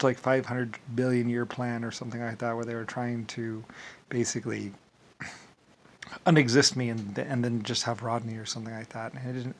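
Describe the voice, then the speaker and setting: A man's voice: medium pitch, slight background noise. A man vlogging in a rambling casual monologue, full of filler words and repeated words, with dismissive shrugging asides.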